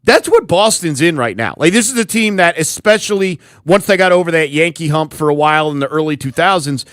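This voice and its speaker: A man's voice: on the high side, animated, fairly quick, fairly bright tone, no room sound, clean studio sound. A man co-hosting a sports radio show, thinking aloud and often repeating words as he talks. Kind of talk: casual sports talk.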